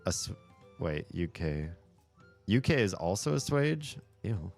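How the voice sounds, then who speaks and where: A man streaming live and chatting casually with his viewers, animated and talkative, often laughing and cursing. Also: deep voice, takes it slowly, gravelly, soft background music. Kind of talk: casual livestream chat.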